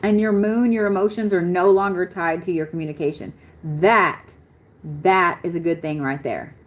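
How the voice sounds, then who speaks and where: A young adult woman with a lowish voice and moderate pace does a live astrology chart reading on stream. She talks bluntly, laughing and swearing often.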